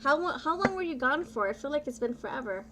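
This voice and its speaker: A woman tarot reader chatting live with her viewers, bubbly and playful, often excited and drawing her words out. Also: high-pitched, fairly quick, very noisy. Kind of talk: casual live-stream chat with viewers.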